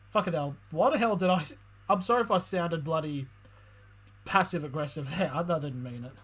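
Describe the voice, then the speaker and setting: A high, bright-voiced man streams his live reactions to a football match. He swings between steady play-by-play calls and loud, profane outbursts. His tone stays excitable and unfiltered, like a fan talking straight to his viewers. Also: a little fast. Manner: excitable, swears a lot, shifts from calm calls to loud outbursts.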